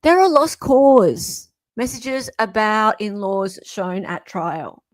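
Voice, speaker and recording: An Australian woman hosting a casual chat about a court case. She talks at an unhurried pace, chatty and animated, with a dry, close-miked sound. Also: medium pitch, dry recording. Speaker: host. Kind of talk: casual commentary.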